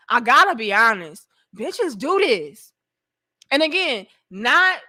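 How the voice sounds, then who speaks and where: A blunt woman hosting a commentary vlog, with a fairly high, bright, forceful voice. She talks straight to her viewers in a frank, profane, conversational way. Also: no room sound, studio quality. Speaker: host.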